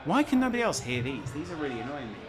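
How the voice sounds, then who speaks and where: A man's voice: a little high, very animated, racing. Man commentating over crowd noise. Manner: chatty, bantering, exclaims at big moments. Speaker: host. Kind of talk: live match watch-along commentary. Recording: loud crowd noise behind.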